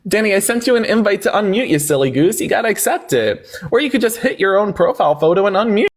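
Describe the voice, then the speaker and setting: A man's voice: high-pitched, expressive, fast. A man hosting a heated livestream debate, mocking and sarcastic, who often talks over the caller.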